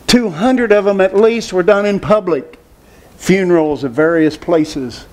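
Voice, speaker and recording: Male preacher, high voice, emphatic sermon delivery with rhetorical questions. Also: a little slow, darkish tone. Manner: emphatic, asks rhetorical questions, repeats phrases.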